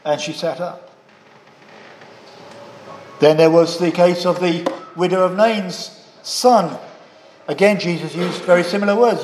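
A man preaching a sermon in a measured way, putting rhetorical questions to his listeners. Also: sits high, a little mellow, slight background noise. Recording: echoey hall with long reverb.

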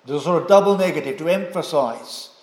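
A man delivers a sermon in a measured, emphatic way, often turning points into rhetorical questions. His voice sits a little high for a man. The sound is roomy, with a long reverb from a large hall. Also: darkish tone. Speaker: preacher. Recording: echoey hall.

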